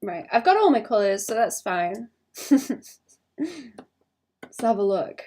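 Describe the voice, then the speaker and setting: Young woman artist live-streaming, mid-pitched, a touch of vocal fry, rambling self-talk as she works. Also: very animated, measured pace. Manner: thinks out loud, rambling and self-conscious. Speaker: illustrator streaming her drawing. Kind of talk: casual livestream chat while drawing.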